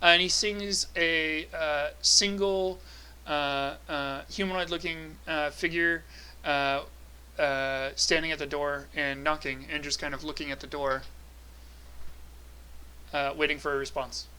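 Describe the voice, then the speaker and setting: Bright-voiced male game master. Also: on the high side, a little slow, smooth, rough recording. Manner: relaxed, many filler sounds. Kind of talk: narrating a tabletop game.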